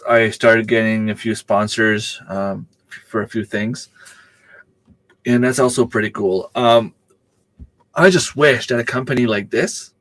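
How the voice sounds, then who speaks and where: A man with a lowish, fairly bright voice hosts a casual livestream with no room sound. He rambles along, answering viewers' chat comments with plenty of ums and uhs.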